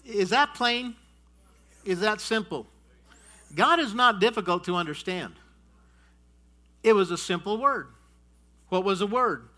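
High-voiced, bright-toned preacher man. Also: expressive, unhurried, pauses often. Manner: emphatic, repeats key phrases, addresses the congregation as folks; rises loud on declarations, drops low on asides. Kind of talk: sermon.

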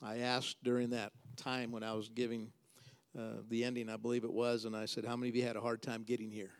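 A man preaching a sermon as pastor. He builds to loud, emphatic, repeated refrains and then drops to a soft, quiet voice for prayer. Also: completely flat delivery, quick pace. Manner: preaching with dramatic swings in pitch and volume.

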